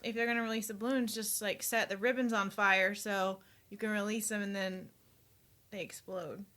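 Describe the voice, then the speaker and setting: A woman's voice: medium pitch, fairly even intonation, moderate pace, pushed and bright. A woman co-hosting a casual political podcast, dry and joking in her remarks. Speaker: podcast co-host.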